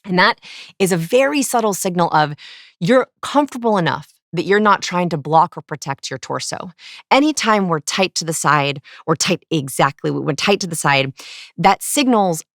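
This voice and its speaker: Low-voiced woman explaining eagerly. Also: normal speed, no echo, studio quality. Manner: animated, explanatory, acts out examples. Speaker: guest, body language expert. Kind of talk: interview explaining.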